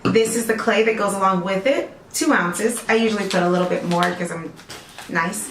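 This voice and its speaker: Speaking a little fast in a medium-pitched, slightly bright voice, a woman who runs a natural hair vlog and sells her own products rambles warmly to her audience. She addresses viewers directly, often asking "okay?" The room is echoey, with a little hiss or hum.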